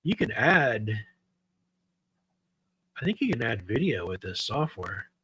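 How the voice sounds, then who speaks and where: A man co-hosting a paranormal talk stream, talking haltingly with lots of fillers and repeated words. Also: medium pitch, big pitch swings, sharp tone, husky, no room sound, poor audio. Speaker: paranormal investigation podcast co-host. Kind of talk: casual chat.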